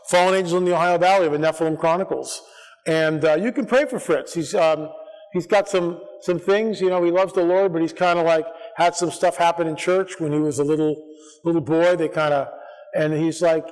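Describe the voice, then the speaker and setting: Male conference speaker, slightly high voice, loose rambling storyteller, church-hall reverb. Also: normal speed. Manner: rambling, animated, acts out quoted voices.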